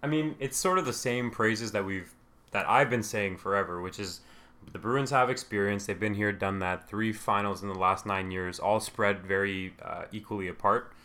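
Low-voiced joking podcast co-host, male. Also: normal speed, bright, forceful tone. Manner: joking, teasing banter. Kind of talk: casual chat.

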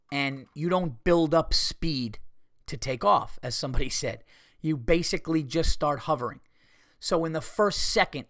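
A man with a somewhat high voice tells a story in a loose, lively way, cursing freely and acting out other people and the noises around him. The recording is close and dry, with no room sound at all. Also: no room sound. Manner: animated, swearing, acts out quotes and sound effects. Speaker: podcast host and comedian. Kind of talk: casual storytelling.

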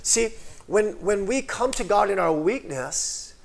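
A man preaching a livestreamed sermon, swinging from shouted praise to quiet, conversational asides, checking in with "right?" and calling for amens, sometimes slipping in Korean phrases. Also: high voice, lively intonation, a little slow, vocal fry, noisy background. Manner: repetitive, call-and-response with many "right?" and "amen". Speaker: pastor.

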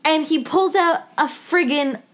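A young woman co-hosts a casual podcast and tears into a movie with exasperated, sarcastic rants and the odd curse. Her voice sits high, and she drags her words out slowly. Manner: ranting, exasperated, swearing, sarcastic retelling. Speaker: podcast co-host. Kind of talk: casual movie review chat.

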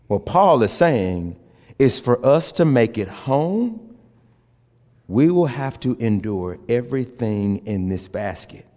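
A man preaching a sermon in a lively, folksy way, swinging between loud emphasis and hushed passages. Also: fairly low pitch. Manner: folksy, says y'all. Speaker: pastor. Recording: long hall reverb.

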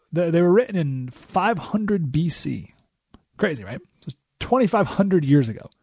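A man hosting a talk radio show, telling a story in an animated way, swinging between loud emphasis and quiet asides. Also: on the high side, no room sound, studio quality.

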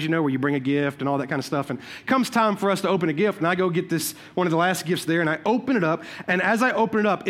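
A man preaching a sermon as pastor, telling personal stories in an animated, conversational and humorous way. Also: high voice. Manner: repeats "watch this" to cue points.

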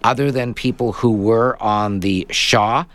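Low-voiced radio host, dry studio sound. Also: male voice, steady tone, a little slow, a bit bright, dry recording. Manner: chatty, explains tips plainly. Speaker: radio tech show host. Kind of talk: live call-in radio chat. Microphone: studio microphone.

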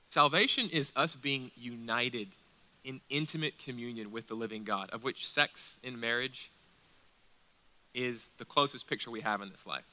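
A man preaching a sermon as pastor, asking rhetorical questions and dropping into quiet, intense passages. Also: medium pitch, normal speed.

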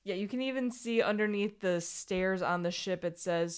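A woman chatting casually about a picture book, animated and reading lines aloud. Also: medium pitch, moderate pace, few pauses, clean tone. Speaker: co-host discussing a picture book. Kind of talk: casual chat.

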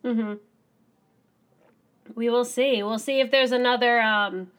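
Animated, excitable woman chatting. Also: on the high side, slow pace, pauses often. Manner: animated, excitable, acts out lines. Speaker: podcast co-host. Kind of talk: casual chat about an anime episode.

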